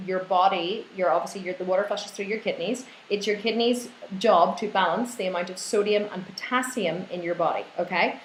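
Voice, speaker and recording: A woman hosting a live fitness Q&A, reading out viewer questions and launching into animated, opinionated rants. Her voice sits in a middle pitch. The sound is roomy and echoey, with faint ambience underneath. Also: a little hiss or hum. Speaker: fitness and nutrition coach. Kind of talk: live online Q&A.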